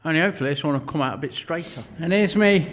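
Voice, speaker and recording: Racing along in a voice on the high side with a fairly bright tone, a vlogger and metal fabricator explains his metalwork. The workshop narration is casual, blunt and full of swearing, and he's out of breath at times.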